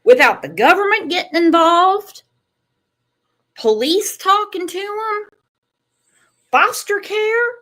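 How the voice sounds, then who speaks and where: A woman hosting a true-crime channel, giving slow, measured commentary and lingering on sympathetic remarks. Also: very high voice, animated, sharp tone.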